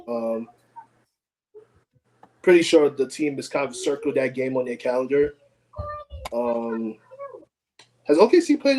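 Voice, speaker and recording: A man co-hosting a casual sports podcast, laid-back, filling pauses with lots of ums. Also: mid-range voice, a little mellow, slight background noise, rough recording. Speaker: podcast co-host.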